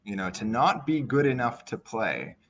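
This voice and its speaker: A young Canadian man with a Canadian accent, an English teacher giving a chatty, relaxed vocabulary lesson full of asides. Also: mid-range voice, normal speed, slight background noise.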